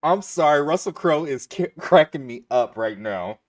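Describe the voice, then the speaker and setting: A man casually reacting to a movie for his channel, loose and excitable, laughing often. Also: a little high, normal speed, distant mic, slight background noise.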